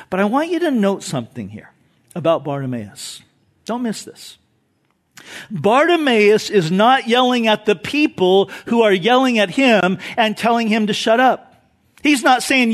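A man preaching from the pulpit in a high, animated voice that rises and falls widely. He takes an unhurried pace and drives his points home with repeated phrases and questions to the congregation. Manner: emphatic preaching with rhetorical questions and repetition. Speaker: pastor. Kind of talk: sermon.

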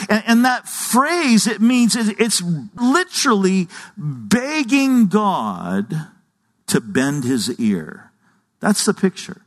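A man's voice: high-pitched, very animated, slow. A middle-aged man preaching a sermon, earnest and conversational, often restarting his sentences. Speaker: pastor. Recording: long hall reverb.

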